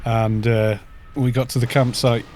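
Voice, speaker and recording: A man's voice: medium pitch, level tone, unhurried, a little mellow, slight background noise. A middle-aged man from North Wales with a Welsh accent, chatting casually and joking with viewers while live-streaming a game. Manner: chatty, joking, reads chat aloud.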